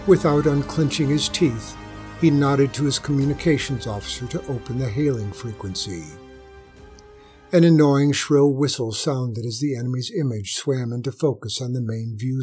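A man narrating a story in a measured, dramatic storytelling manner. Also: medium pitch. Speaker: audiobook narrator.

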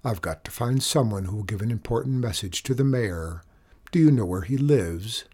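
Guy doing a sweet polite alligator, low easy voice, storybook. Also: lively intonation, warm tone, breathy edge. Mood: earnest. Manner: polite, slow and earnest. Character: gentle, earnest male alligator. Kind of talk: storybook reading.

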